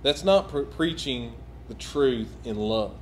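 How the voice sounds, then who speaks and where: A man preaching a sermon, dropping to low quiet asides and then rising to loud, emphatic repeated lines. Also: animated, slow, slight background noise. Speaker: pastor. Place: church sanctuary.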